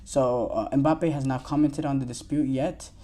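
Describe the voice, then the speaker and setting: A man's voice: medium pitch, steady tone, normal speed, warm tone. A man hosting a sports podcast, talking casually on his own, with loose rambling delivery and frequent fillers and restarts. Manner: loose and rambling, many fillers and restarts, reads quotes aloud. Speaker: podcast host.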